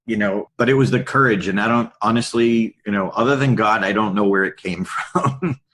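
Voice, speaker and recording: A middle-aged man, a podcast guest and public speaker, telling candid stories in a lively anecdotal way. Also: lowish voice, normal speed. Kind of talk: storytelling in a podcast interview.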